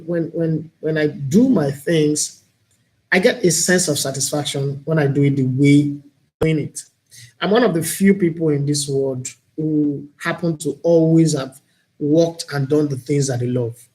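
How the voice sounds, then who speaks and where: A man's voice: mid-range voice, a little mellow. A man with a Nigerian accent hosting a live-streamed talk show, speaking in an earnest, opinionated, reflective way. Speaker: host and broadcaster.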